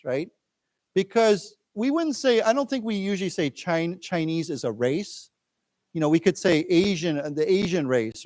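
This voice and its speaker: An American man teaching English, who explains words patiently and drills his class in a library lecture room. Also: high voice. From United States.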